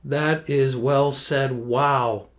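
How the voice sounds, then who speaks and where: A man hosting an interview, introducing his guest formally and praising his answers in a measured way. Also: medium pitch, steady tone. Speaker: host.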